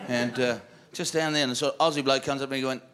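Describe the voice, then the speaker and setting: A man's voice: mid-range voice, steady tone, fast, smooth. A man with a New Zealand accent doing a crude stand-up routine, acting out other voices. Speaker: stand-up comedian. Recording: live stand-up with loud crowd and noise. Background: audience laughter.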